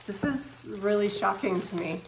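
A woman's voice: mid-range voice, gravelly. Gushing woman unboxing in an echoey room. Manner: excitable, gushing, quick bursts of surprise. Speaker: lifestyle vlogger unboxing home decor. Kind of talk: casual unboxing chat to camera. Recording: echoey room with faint noise.

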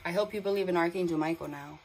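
A woman's voice: on the low side, quick pace, darkish tone, slight background noise, low-quality recording. A young woman giving a tarot card reading, emotional and awed, reading card texts aloud, with water sounds from a sound machine in the background. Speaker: tarot reader.

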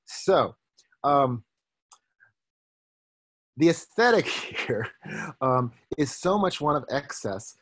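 A man giving an online lecture as a professor, talking thoughtfully with many pauses and restarts. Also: mid-range voice, slightly rough, no echo. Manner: thoughtful, hesitant, with frequent fillers and restarts. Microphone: video call microphone.

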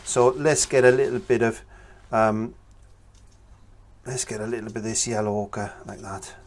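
A man, talking through a painting tutorial in a relaxed, chatty way as he works. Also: on the low side, normal speed. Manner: relaxed, chatty, talks while working. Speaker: painting instructor.

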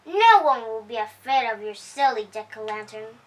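A woman's voice: fairly high pitch, lively intonation, normal speed, slight background noise, close to an everyday voice. A woman voicing a mocking male crocodile from a children's picture book, in a scoffing, teasing way. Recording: voice heard from a distance.

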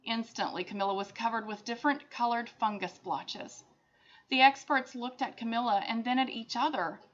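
A woman teacher reading a picture book aloud to children, expressive, with chatty asides. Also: on the high side, moderate pace. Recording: dull lo-fi sound.

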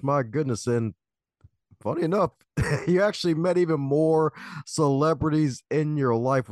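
A man's voice: medium pitch, darkish tone, no room sound, studio quality. A man hosting an interview podcast who chats casually with his guest, laughs easily and reacts with enthusiasm. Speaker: podcast host.

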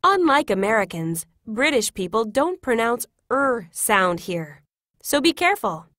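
A woman reading example classroom phrases in a clear, careful, instructive way. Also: a little high, big pitch swings, measured pace, fairly bright tone, no echo, studio quality. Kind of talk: scripted reading of example sentences.

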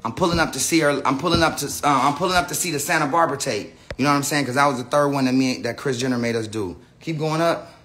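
A man's voice: medium pitch, quick pace, hardly any pauses, a bit bright. An American man ranting on a casual phone livestream, rambling with lots of slang, profanity and restarts. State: says he is high. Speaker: live streamer. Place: indoor room with a big screen.

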